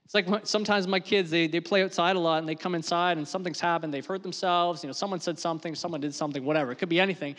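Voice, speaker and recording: A middle-aged male pastor preaching a sermon, swinging from loud emotional peaks down to soft, quiet lines. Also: fairly high pitch, fairly even intonation, rapid-fire, hardly any pauses. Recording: long hall reverb.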